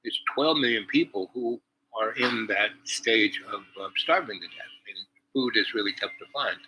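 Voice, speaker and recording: A man's voice: on the low side, normal speed, bright, forceful tone, a little hiss or hum, rough recording. A man hosting a vlog, telling stories and musing in a meandering, casual monologue. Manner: meandering storyteller, drifting between anecdote and musing. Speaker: vlog host.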